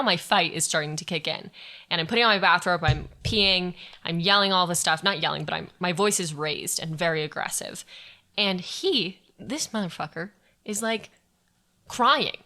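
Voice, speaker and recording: A woman's voice: fairly low pitch, normal speed, bright, forceful tone. A young adult woman candidly telling a personal story on a podcast, speaking frankly and swearing freely. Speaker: guest sharing her story.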